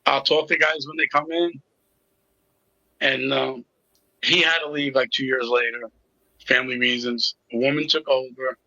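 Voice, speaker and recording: Sharp-voiced, husky middle-aged man. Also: medium pitch, steady tone, normal speed, long pauses, dry recording, lo-fi sound. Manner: candid, sarcastic humor. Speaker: interview guest, recovery coach. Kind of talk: personal storytelling in conversation.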